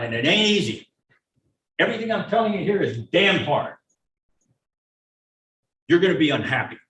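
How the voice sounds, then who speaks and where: An older man, a retired child neuropsychologist, giving a blunt, folksy talk to parents and acting out parents and teachers in quick asides. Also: on the high side, a bit bright. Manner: blunt, folksy, plain-spoken. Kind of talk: public lecture to parents. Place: meeting room or auditorium. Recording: roomy, from a distance, faint hiss.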